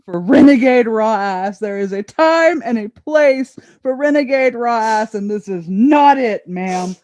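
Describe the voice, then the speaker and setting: Host playing a stern, formal cowboy, says ma'am a lot, lively pitch, dry sound. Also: measured pace, no echo, close to an everyday voice. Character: stern cowboy who scolds a sidekick.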